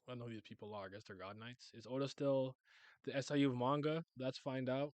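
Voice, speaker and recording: A man's voice: mid-range voice, fairly even intonation, quick pace, a little mellow, dry recording. A young man casually reacting to a manga chapter, joking, rambling and swearing as he reads.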